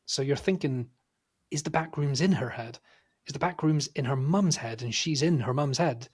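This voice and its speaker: A man co-hosting a film review podcast, speaking at a medium pitch. He talks in an animated, casual way and swears freely while telling stories. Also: moderate pace, breathy edge. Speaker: podcast co-host.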